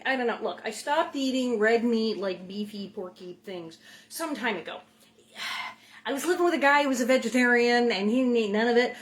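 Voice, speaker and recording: A middle-aged woman hosting a casual cooking show from her home kitchen, chatty and playful, with rambling asides and silly food noises. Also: on the high side.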